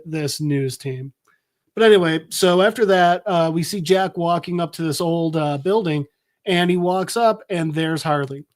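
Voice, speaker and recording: A man hosting a podcast, recapping a comic in a casual, rambling way with lots of fillers. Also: a little high. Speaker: podcast host.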